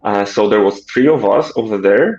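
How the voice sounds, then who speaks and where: A man, a guest, telling a story from a long hike in a reflective, grateful, unhurried way. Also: fairly low pitch, a little mellow. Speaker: guest hiker. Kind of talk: casual storytelling. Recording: muffled with faint music.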